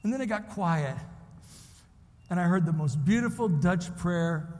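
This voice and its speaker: A high-voiced man from Illinois preaches, drifting between hushed, tender storytelling and fervent cries to the congregation. His voice rings with the long reverb of a large church hall. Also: animated, measured pace. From Illinois, USA. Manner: emotional storytelling that swells into impassioned preaching. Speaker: preacher at a missions convention. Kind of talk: sermon.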